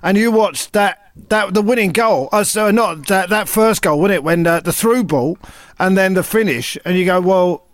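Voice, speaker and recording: A man's voice: high-pitched, normal speed, no echo. A middle-aged man, a comedian guest on a chat podcast, telling anecdotes in a chatty way that builds up to a punchline. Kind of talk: casual chat.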